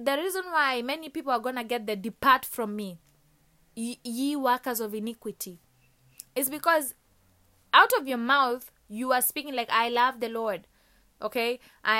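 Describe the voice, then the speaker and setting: A woman preaching a sermon in a slightly high voice. She presses her listeners with one rhetorical question after another, in an earnest, exhorting way. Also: bright, forceful tone.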